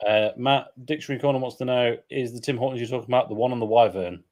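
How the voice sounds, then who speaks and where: A man's voice: medium pitch, fast, a little mellow. Brief: English man co-hosting a beer stream at home, reads out chat comments, joking and rambling. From England. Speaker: live stream co-host. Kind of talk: casual chat reading viewer comments.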